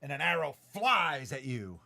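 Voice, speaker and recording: Playful dad running a tabletop game. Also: male voice, fairly high pitch, very animated, moderate pace, vocal fry, pushed and bright, a little hiss or hum. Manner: playful, dramatic storytelling with sound effects. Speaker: dungeon master. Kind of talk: narrating a tabletop game for his child.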